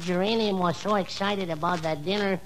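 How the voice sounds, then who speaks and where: A man's voice: high-pitched, moderate pace, lightly acted, poor audio. A man playing a wisecracking male house servant with a Spanish accent, in 1940s radio comedy style. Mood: deadpan. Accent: Spanish-accented English. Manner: deadpan punchline delivery. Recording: old radio broadcast with loud hiss.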